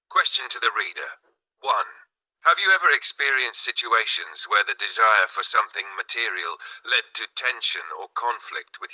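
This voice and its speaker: A man narrates a spiritual novel in a measured, dramatic read. His voice is lowish with a notably bright, tense edge. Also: rough recording. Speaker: audiobook narrator. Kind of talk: scripted narration.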